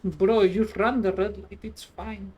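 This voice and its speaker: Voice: mid-range voice, fairly even intonation, measured pace, a little mellow, slightly rough, muffled recording. A streamer chatting casually while playing a trucking game, rambling and sarcastic, swearing freely. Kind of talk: casual gameplay chat.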